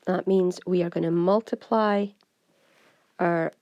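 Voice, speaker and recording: Scottish woman, maths teacher, brisk and step-by-step, lowish mellow voice, dry close sound. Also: no room sound. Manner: brisk, step-by-step, talks to students directly. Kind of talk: exam walkthrough lesson.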